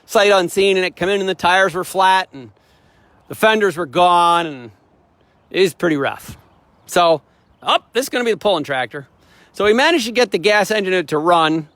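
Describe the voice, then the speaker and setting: A man's voice: high voice, animated, moderate pace, fairly bright tone, no echo. A middle-aged man hosting a casual walkaround, telling a rambling, plain-spoken story in a folksy way. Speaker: host, tractor dealer.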